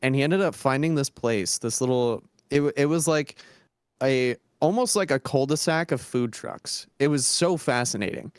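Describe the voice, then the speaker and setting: A young man, a podcast co-host, telling a food story in relaxed, enthusiastic casual chat. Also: medium pitch, normal speed, clean tone, dry recording, studio quality. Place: small podcast studio.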